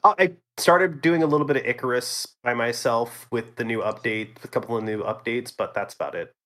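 A man's voice: medium pitch, brisk, sharp tone. A Texan man hosting a gaming podcast, joking in a wry, drawling casual chat. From Texas.

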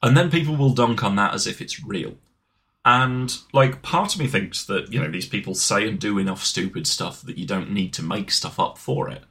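A man's voice: on the low side, normal speed. A man co-hosting a podcast, joking and talking over his co-host in casual chat. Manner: animated, jokey, talks over co-host.

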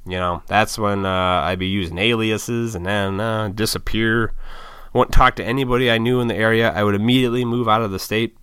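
A man's voice: fairly low pitch, sharp tone, clear, resonant tone, no echo. A man hosting a podcast alone, rambling casually with lots of swearing and laughs. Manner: rambling, profane, laughs often. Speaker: podcast host. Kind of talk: casual solo monologue.

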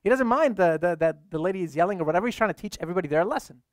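A young adult male priest preaching in a relaxed, chatty way and leaning on "like" as a filler. His voice sits a little high for a man. The sound is dry and close, with no room echo. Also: very fast. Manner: casual, many "like" fillers. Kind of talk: conversational sermon.

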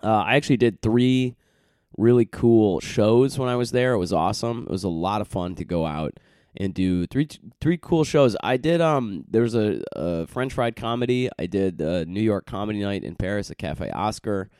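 A man with a lowish, darkish, clean voice speaks at normal speed in clean studio sound without echo. Hosting his own podcast while recovering from a cold and jet lag, he delivers a casual rambling monologue that's loose and chatty, packed with fillers, restarts and self-corrections.

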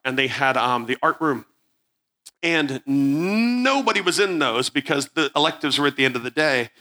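A man tells a story to a live audience with a bright, forceful edge to his voice. He is animated and acts out the characters in turn, and his voice sits a little high for a man. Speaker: preacher. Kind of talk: storytelling sermon.

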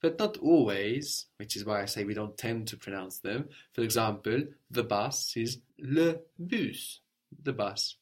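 A man's voice: on the low side, animated, a little slow. Guy teaching a language lesson, patient, keeps asking the learner how to say stuff. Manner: patient, explanatory, prompts the learner with questions.

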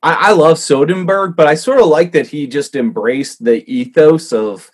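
Loose, rambling male co-host with a husky, slightly high voice. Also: normal speed. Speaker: podcast co-host. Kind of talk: casual comedic chat.

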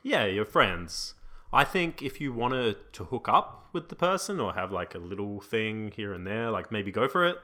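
Joking man with a bright voice. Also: on the low side, expressive, moderate pace. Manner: playful, joking. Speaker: podcast co-host. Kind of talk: casual advice chat.

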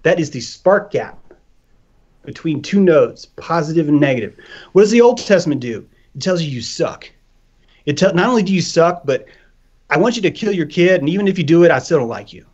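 A man talking loose and animated on a podcast, swearing freely and acting out little voices as he argues. His voice sits a bit high, and the audio is dull and lo-fi. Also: brisk, breathy edge. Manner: animated, profane, acts out voices. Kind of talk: casual chat. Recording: dull lo-fi sound.

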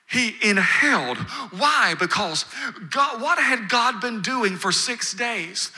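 A man's voice: extremely high pitch, expressive, takes it slowly, sharp tone. A man preaching a sermon, possibly, building emphasis through repeated phrases. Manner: preaching with rising emphasis and repetition. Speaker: pastor.

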